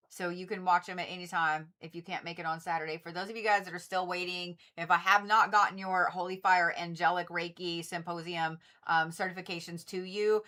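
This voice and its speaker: Bright-voiced woman reading cards live. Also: on the low side. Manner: chatty, swears freely, talks straight to viewers. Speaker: Reiki practitioner and tarot reader. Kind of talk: casual livestream card reading.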